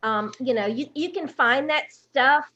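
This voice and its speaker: A woman with an Alabama accent, a guest chatting casually over a dull, lo-fi video call line. Her voice is slightly higher than most women's, and she talks in a chatty way with fillers and restarts. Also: unhurried, bright, forceful tone. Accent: Southern US, Alabama. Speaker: guest, content manager. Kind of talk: casual interview chat.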